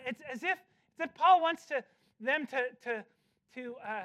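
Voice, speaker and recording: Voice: high-pitched, a bit bright. Emphatic preacher, stretching key words. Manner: emphatic, slowing down to stress key phrases; often repeats words while restarting. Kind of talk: expository sermon.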